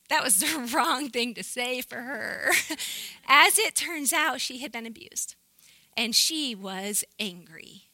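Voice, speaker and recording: A woman giving an earnest, animated Bible teaching to a women's group, often laughing as she talks. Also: on the high side, slow pace, dry recording, poor audio.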